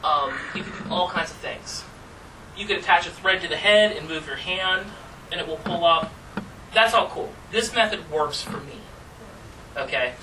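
A man with a slightly high, sharp-toned voice talks at a moderate pace, chatting casually to a room about performing magic and laughing at his own stories. An audience is present, and the distant mic picks up background noise.

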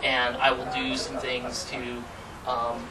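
Speaking slowly in a completely flat, medium-pitched voice, a male magician demonstrates tricks for a small group in a live workshop. He's chatty and playful, teasing with theatrical asides, and the distant mic picks up room noise.

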